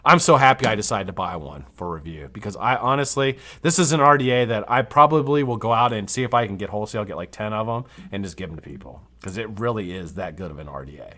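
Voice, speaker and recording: A man's voice: lowish voice, animated, fast, hardly any pauses, sharp tone. A man hosting a live vape review show, talking casually and enthusiastically and swearing freely.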